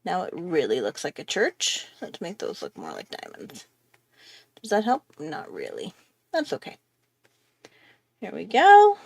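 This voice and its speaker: A woman's voice: lowish voice, wildly swooping pitch, a little slow, vocal fry, long pauses, darkish tone, slightly rough. A woman hosting a casual live drawing tutorial, chatty and rambling as she thinks aloud while she draws. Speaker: art tutorial host.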